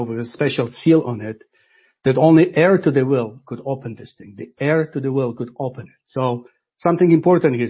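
Halting husky male bible teacher. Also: medium pitch. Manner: halting, repeats words often, slows for emphasis. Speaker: preacher. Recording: dull lo-fi recording.

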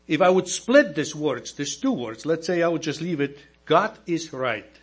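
Male deacon, non-native English speaker, slightly raised pitch, slow emphatic sermon over a mains hum. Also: sing-song, breathy edge. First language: not English. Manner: slow, emphatic preaching with rhetorical questions to the congregation.

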